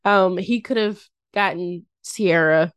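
A woman's voice: on the low side, takes it slowly, clear, resonant tone, dry recording, studio quality. A young woman hosting a podcast, talking in a casual, rambling way full of "like" and little laughs. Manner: rambling, filler-heavy, giggly. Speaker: podcast host. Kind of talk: casual chat.

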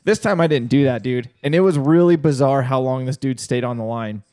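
A man's voice: mid-range voice, brisk, mellow, no room sound, studio quality. A young man co-hosting a casual comedic podcast, telling stories, laughing often and saying "dude" a lot. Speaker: podcast co-host.

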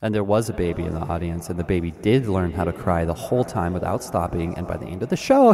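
A man with a low voice rambles through a comic tale, deadpan and meandering. A crowd can be heard behind him. He plays it straight while his story drifts. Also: quick pace, creaky, hardly any pauses. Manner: deadpan, meandering, self-mocking. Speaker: podcast host. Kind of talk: comedic rambling monologue.

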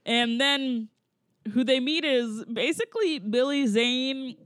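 A woman's voice: sits high, slow pace, a bit bright, no echo, studio quality. A woman, co-host of a podcast, discussing a movie in casual chat, loose and giggly.

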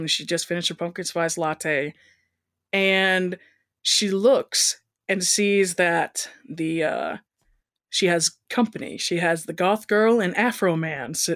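A woman's voice: fairly low pitch, a bit bright, dry recording, clean studio sound. A woman co-hosting a casual comedic review, reading excerpts aloud and giggling between quips. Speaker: podcast co-host. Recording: home recording with thumping from upstairs.

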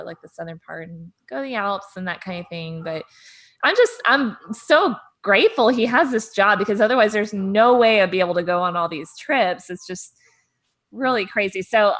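A young woman talks casually on a podcast in a mid-range voice. She is chatty and excitable, and laughs easily as she shares her news. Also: medium pitch. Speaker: podcast co-host. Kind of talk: casual chat.

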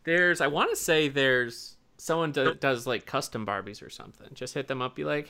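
A man's voice: mid-range voice, moderate pace, hardly any pauses, clear, resonant tone. A man co-hosting a casual podcast chat, joking and telling rambling stories. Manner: animated, joking, rambling storyteller.

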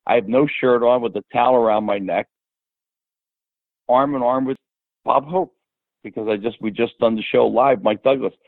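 An older man as a podcast guest, rambling and animated as he tells stories and quotes people. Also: medium pitch, normal speed, vocal fry, long pauses, no echo. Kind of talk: casual storytelling. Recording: tinny phone-like line.

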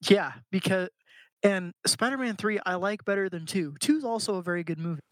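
Co-host, mid-pitched voice, dry sound, quick casual opinions. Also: no echo. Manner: brief interjections and quick opinions. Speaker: podcast co-host. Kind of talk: casual chat.

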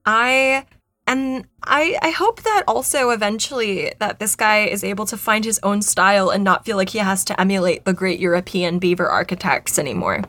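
A woman's voice: medium pitch, animated, moderate pace, a bit bright, no room sound. A woman co-hosting a podcast in casual, playful chat, joking around and thanking listeners. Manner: playful, jokey, talks of voice acting work. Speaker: podcast co-host.

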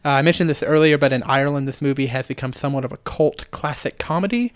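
A man co-hosts a casual movie podcast, reading out trivia and cursing freely along the way. His voice sits at a middling pitch. The recording is close and dry, with no room sound. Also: quick pace, smooth, no echo. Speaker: podcast co-host.

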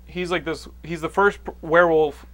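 A man's voice: a little high, steady tone, normal speed, a bit bright. A man hosting a podcast, recapping a movie plot in casual chat with many restarts. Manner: rambling, restarts a lot. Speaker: podcast host.

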